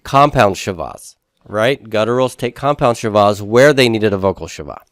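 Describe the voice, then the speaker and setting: A man's voice: fairly low pitch, expressive, normal speed, no room sound, clean studio sound. Man teaching a Hebrew grammar class. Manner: explanatory, asks the class questions and answers them. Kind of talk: classroom lecture.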